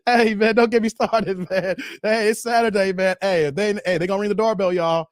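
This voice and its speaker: A man hosting a casual livestream chat, talking in an animated, slangy, rambling way and laughing often. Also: high voice, moderate pace, dry recording, studio quality. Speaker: show host.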